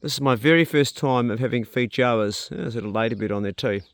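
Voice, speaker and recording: A man's voice: mid-range voice, quick pace, no echo. A man with a New Zealand accent, chatting upbeat about his homestead garden outdoors as he films a vlog. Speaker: homesteader vlogger. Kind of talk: casual vlog narration.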